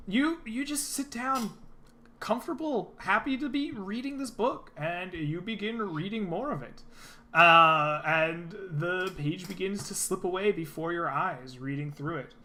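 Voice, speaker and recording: A man's voice: sits high, a little slow, sharp tone, slight background noise. A man narrating as game master of a tabletop role-playing game, loose and full of fillers.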